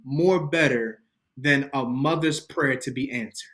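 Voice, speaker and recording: A man guesting on a podcast, telling a personal testimony in casual slang with lively energy. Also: mid-range voice, unhurried. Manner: slangy, animated, addresses listeners as bro and fam.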